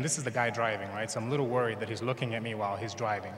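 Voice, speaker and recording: A man's voice: mid-range voice, racing, fairly bright tone. A man with a Zambian accent delivers a motivational speech, acting out conversations with humor. His voice rings through a large hall with a long reverb tail. Faint background noise sits underneath. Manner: storytelling, acts out dialogue with humor. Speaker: commencement speaker.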